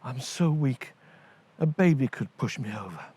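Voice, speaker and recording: A man's voice: medium pitch, lively intonation, unhurried, warm tone, slightly rough, voice pushed up. A man voicing two huge, dim male giants bickering in a storybook tale. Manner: blustering, bickering.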